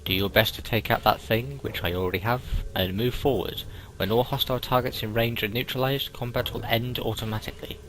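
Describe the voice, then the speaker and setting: A man's voice: medium pitch, fairly even intonation, brisk, hardly any pauses, fairly bright tone, rough recording. A man doing casual game playthrough commentary, reading on-screen text aloud with dry asides. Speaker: gaming video host.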